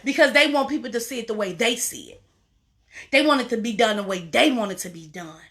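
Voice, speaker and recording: Emphatic high-voiced woman life coach. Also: lively intonation, a little fast, fairly bright tone. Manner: preachy, repetitive, emphatic. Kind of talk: motivational talk to camera.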